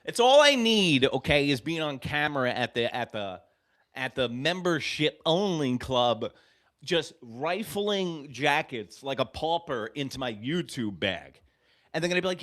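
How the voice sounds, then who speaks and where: A man hosts a live baseball reaction stream. He talks in an animated, profane way and calls plays with excitement. His voice is bright and swings widely in pitch. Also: moderate pace. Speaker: host of a fan sports show.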